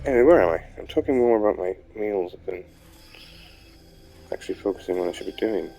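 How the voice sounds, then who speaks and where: A man's voice: lowish voice, lively intonation, quick pace, vocal fry, warm tone, rough recording. A young man giving casual, rambling commentary while playing a video game, swearing now and then. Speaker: gamer. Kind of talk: casual let's-play commentary. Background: game music.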